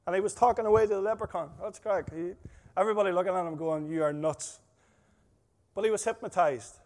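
High-voiced preacher, hall reverb. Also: male voice, very fast, a little mellow. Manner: emphatic, storytelling, rising and dropping volume. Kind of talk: sermon.

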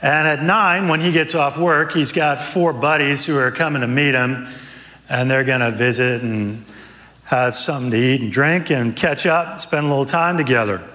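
Pastor guy telling a story in church, bright tense voice, lots of echo, acts out the people in it. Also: normal speed. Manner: animated storyteller, voices characters with raised pitch. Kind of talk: sermon with storytelling. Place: church sanctuary. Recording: church hall reverb.

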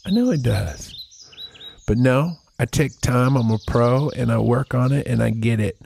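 A man's voice: medium pitch, a little slow, vocal fry, a little mellow, a little hiss or hum. A man in his forties hosting a podcast, rambling in a casual, profane, self-mocking way into a mic held close in front of his face. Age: 40s. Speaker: podcast host.

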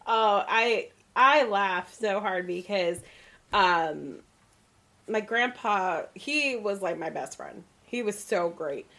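A woman co-hosting a casual podcast, spinning a rambling story at a middling pitch. She talks in a loose, chatty way and laughs often along the way. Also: takes it slowly, a bit bright. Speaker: podcast co-host.

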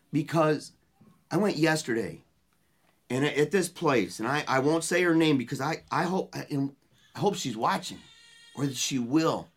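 Earnest speaker telling a painful story. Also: medium pitch. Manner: earnest and emotional, dropping to a hushed voice when retelling words of comfort; loose spoken style with restarts and colorful phrases. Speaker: guest speaking at a book release party. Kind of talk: heartfelt personal storytelling.

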